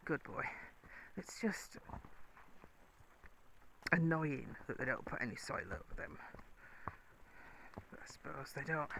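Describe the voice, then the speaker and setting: A woman's voice: low voice, slow pace, creaky, pauses often, noisy background. A woman riding her horse on a bridleway, chatting casually and coaxing the horse with praise. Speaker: horse rider and vlogger. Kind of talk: casual talk while riding.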